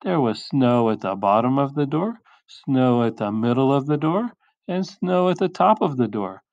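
A male teacher reading a picture book aloud in a slow, expressive storytelling voice. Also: mid-range voice, no echo, highs cut off.

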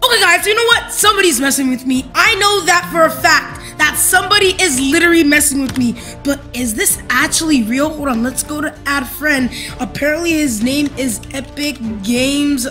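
A woman gaming YouTuber in an excited unboxing vlog, exclaiming and talking straight to her viewers. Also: high voice.

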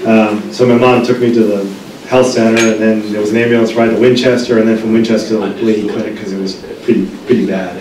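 A man's voice: on the low side, level tone, brisk. A middle-aged man telling funny stories to a room, his voice bouncing around a roomy library hall and picked up from a distance. He keeps restarting his sentences with ums and uhs. A faint hum of room noise sits underneath. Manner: chatty storyteller with frequent restarts and ums. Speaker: pharmacist giving a lecture. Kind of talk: humorous anecdotal lecture. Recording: echoey room, distant mic.

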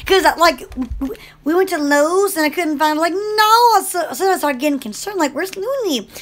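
Very high-pitched gushing woman. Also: normal speed. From Alabama. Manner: excitable, rambling, gushing. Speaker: livestream host. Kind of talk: casual live chat.

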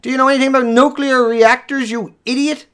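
A man hosting a livestream who rants furiously, hurling profane insults and sometimes shouting. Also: very high-pitched, fairly even intonation, fairly quick, smooth. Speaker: livestream host. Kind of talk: angry livestream rant.

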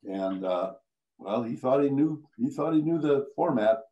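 An older man, a veteran Iowa radio broadcaster, tells anecdotes at a slightly slow pace in a medium-pitched voice, chuckling through his punchlines. The recording has its highs cut off.

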